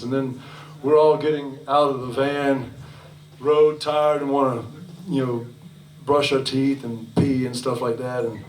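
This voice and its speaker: A man's voice: medium pitch, little pitch movement, measured pace, slight background noise. A man fronting a band, telling a loose, rambling story between songs, swearing freely and chuckling, heard live on stage in a restaurant venue. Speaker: singer-songwriter and bandleader. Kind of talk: between-song stage banter. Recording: echoey live room from far off.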